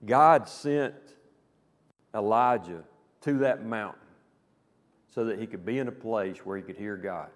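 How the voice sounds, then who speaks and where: A man's voice: on the low side, unhurried, pauses often. A male pastor preaching a Wednesday night sermon, speaking conversationally with rhetorical questions and frequent checks of "okay?". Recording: long hall reverb.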